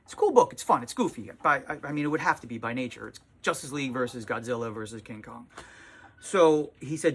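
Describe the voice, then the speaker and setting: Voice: mid-range voice, fairly quick, a bit bright. A tired comic shop owner talking in a casual vlog from the small shop, exasperated and sarcastic, swearing freely.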